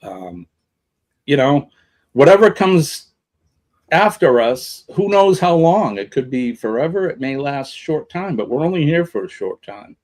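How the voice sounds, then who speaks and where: A man's voice: fairly high pitch, sing-song, unhurried, a little mellow. A man co-hosting a casual live morning chat show, talking in an earnest, motivational way with many fillers and restarts.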